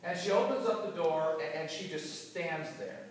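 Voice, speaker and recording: A man gives a motivational talk and tells his story with animated emotion, his voice pitched high. He is recorded from far off in a large hall full of reverb, with faint room noise behind him. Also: normal speed. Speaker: motivational business speaker.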